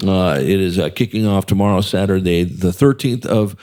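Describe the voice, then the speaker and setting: A man's voice: low voice, normal speed, dark tone. A man hosting a casual community interview show, rambling and jovial with many fillers. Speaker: radio show host.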